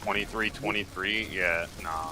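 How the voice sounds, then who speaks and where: A man's voice: low voice, steady tone, measured pace. A laid-back man chatting casually on a co-op game stream, mostly giving short agreeing replies. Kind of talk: casual gameplay chat.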